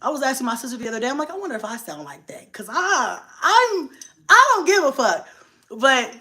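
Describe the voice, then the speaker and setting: A woman's voice: sits high, very animated, fairly quick, sharp tone. A young woman, chatting bluntly and profanely on a live stream and laughing often. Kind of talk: casual live-stream chat.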